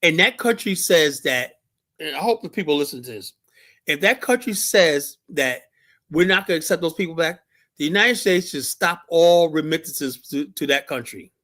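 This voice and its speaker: A man's voice: on the high side, lively intonation, normal speed, fairly bright tone. A middle-aged man from Liberia co-hosting a talk show, ranting in a profane, rambling way with lots of fillers. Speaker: show co-host. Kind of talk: heated opinion talk.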